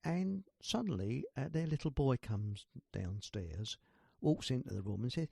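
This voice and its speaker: A man spins a rambling joke, full of ums and asides. His voice is gravelly and husky, and his pitch jumps around a lot. The recording is dry and close. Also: animated, measured pace, few pauses, mellow, dry recording. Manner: rambling with many fillers. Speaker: joke teller. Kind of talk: telling a joke, replayed clip.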